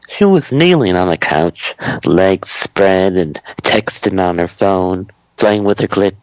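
A man narrating a comedic story in a slow, deadpan manner. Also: deep voice, creaky, no echo, poor audio.

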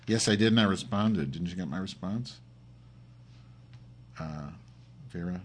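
A man with a somewhat low, husky voice hosts his own podcast from his home computer. He rambles with a camp, profane edge and nurses a headache. He jumps between grumbling asides and sudden excited outbursts. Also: measured pace, pauses often. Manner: profane, campy, rambling, swings from mutters to excited yelps. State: has a headache. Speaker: podcast host.

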